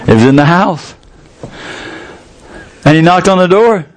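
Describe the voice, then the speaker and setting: Older male preacher, slightly high voice, folksy storyteller who builds to fervent peaks. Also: animated, unhurried, noisy background. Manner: folksy, colloquial storytelling with rising fervor. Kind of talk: sermon.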